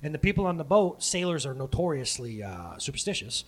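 A man with a voice on the high side, sing-song and brisk, preaches a casual sermon retelling a Bible story with jokes and playful asides. He often breaks off mid-sentence to correct himself.

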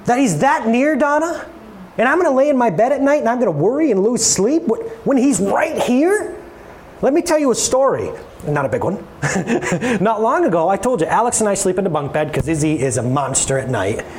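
A man preaching a sermon to a congregation, playful and animated, acting out voices as he tells stories. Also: sits high, moderate pace, a little hiss or hum. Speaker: pastor.

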